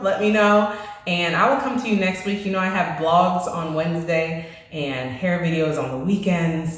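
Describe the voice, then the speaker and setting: A woman's voice: fairly low pitch, normal speed. A woman vlogging about her hair in a chatty, conversational way, a little out of breath. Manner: chatty and conversational, full of fillers. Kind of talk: casual chat. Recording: very echoey room, faint music.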